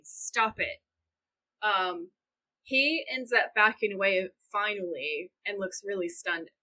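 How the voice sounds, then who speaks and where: Bright and forceful with a breathy edge, this medium-pitched woman's voice comes through poor audio. She's a young co-host recapping a show casually on a podcast, animatedly retelling scenes and speaking the characters' lines in her own voice.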